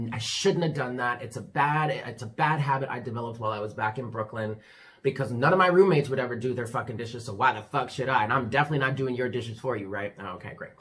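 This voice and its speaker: A man, a tarot reader, casually telling his viewers a story from his room, animated and swearing freely while addressing them as "y'all". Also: mid-range voice. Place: his room with the door closed.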